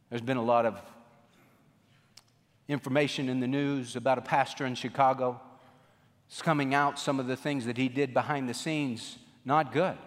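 A male pastor preaching a sermon, swinging between emphatic raised lines and hushed low drops. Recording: long hall reverb.

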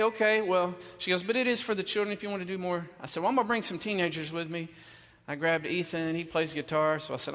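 A man's voice: on the high side, fairly bright tone. A man giving a chatty sermon, telling a self-deprecating story before he turns to teaching. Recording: long reverb of a church hall.

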